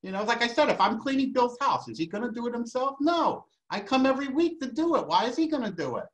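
A man's voice: very high voice, big pitch swings, fast, fairly bright tone, poor audio. A man with a New York accent, debating on an academic panel, combative and emphatic, firing off rhetorical questions.

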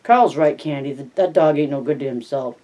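Calm ranch leader, read by a man, measured, mellow. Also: a little high, lightly acted.

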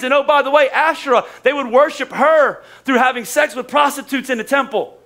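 High, bright-voiced pastor preaching. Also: male voice, fairly quick. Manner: conversational preaching with acted quotes and humor. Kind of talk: sermon.

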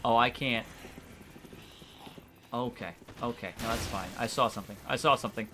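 A man's voice: medium pitch, normal speed, background noise. A man casually commenting on his gameplay, often frustrated and swearing at the game and its characters. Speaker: gameplay streamer.

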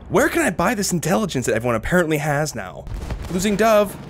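Young man, gaming commentary, high voice, wildly swooping pitch, yelps and mutters, swearing, gunfire under voice. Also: fast talker. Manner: jokey, excitable, swings between yells and mutters. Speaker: gaming video host. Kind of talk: profane gameplay commentary. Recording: game gunfire loud under voice. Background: gunfire and battle noise from the game.

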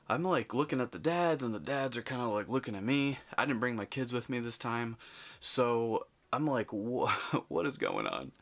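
A man vlogging, telling a story in an animated, chatty way and acting out the people in it. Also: medium pitch. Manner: animated, chatty, acts out quotes. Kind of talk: casual storytelling.

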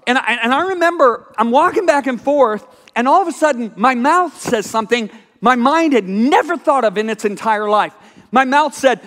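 High-voiced preacher in a reverberant chapel. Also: male voice, animated, brisk. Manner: storytelling, dramatic hushed asides and sudden loud exclamations. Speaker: pastor. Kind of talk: sermon. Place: college chapel.

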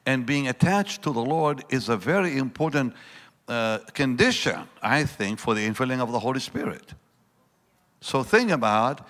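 A man preaching a sermon, swinging between loud bursts and hushed lines and acting out the voices in his story. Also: mid-range voice. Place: large church hall. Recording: long church reverb.

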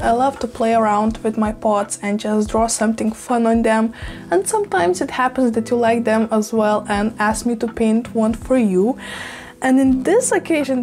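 A woman's voice: a little high, darkish tone. A woman chatting casually in a vlog, sick and with her voice just coming back, tired and laid back. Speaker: plant vlogger.

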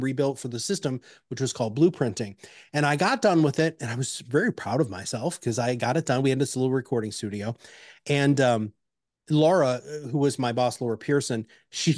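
A man presenting an instructional webinar, energetic and chatty, with personal anecdotes and emphatic repeated pleas. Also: medium pitch, dry recording, clean studio sound.

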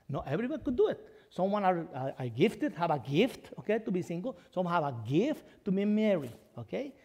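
A man preaching a sermon to his congregation, halting and repeating words, checking in often with "okay?". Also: high voice, expressive, mellow. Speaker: pastor. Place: church sanctuary. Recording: long church hall reverb.

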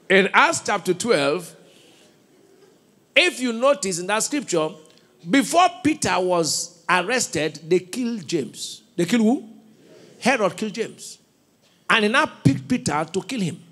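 A man with a Nigerian accent preaching a sermon in a church, with call-and-response questions, shouted bursts and laughing asides. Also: high voice, slightly rough. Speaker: pastor.

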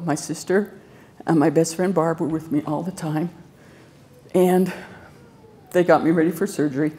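A woman's voice: deep voice, mellow. A woman who received an organ transplant tells her story to a live audience in an earnest, conversational, grateful way. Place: festival stage before an audience.

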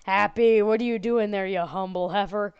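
A woman's voice: medium pitch, fairly even intonation, normal speed, smooth, no room sound, muffled recording. A woman playing a horror game and commenting on it, sarcastic and jokey, chatting to the characters on screen. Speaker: gaming channel host.

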